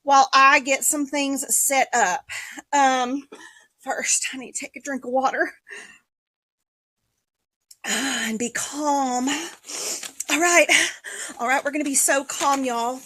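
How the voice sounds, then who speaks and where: A woman hosting a casual livestream sale from a basement, talking in a mock-calm, sarcastic way with sighs and throat-clearing. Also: high-pitched, normal speed, no echo. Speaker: livestream seller and host. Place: home basement room.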